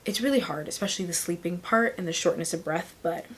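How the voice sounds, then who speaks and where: A woman's voice: fairly low pitch, fast talker. Breathless, chatty pregnant woman vlogging. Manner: chatty and rambling, many fillers, laughs often; drops to a breathy near-whisper at times. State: short of breath, heavily pregnant. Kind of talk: casual chat to camera.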